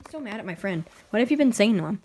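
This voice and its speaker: A woman's voice: mid-range voice, expressive, fast talker, a little mellow. Woman teasingly quizzing a friend. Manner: teasing, keeps pressing with questions. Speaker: vlogger filming a friend. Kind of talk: casual vlog chat.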